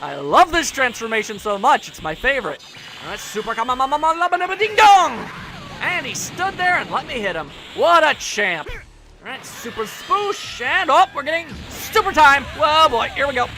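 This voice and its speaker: A man with a high, bright voice running a let's play. He commentates with goofy jokes and keeps taunting the enemy. Faint game music plays under his voice. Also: very animated, moderate pace. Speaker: gaming channel host.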